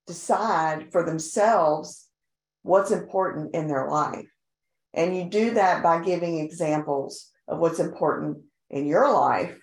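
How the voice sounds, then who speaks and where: A woman speaks slowly and thoughtfully in a lowish voice. She takes her time over each point. Her voice echoes in the room. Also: a little mellow. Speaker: sales agent in a group discussion.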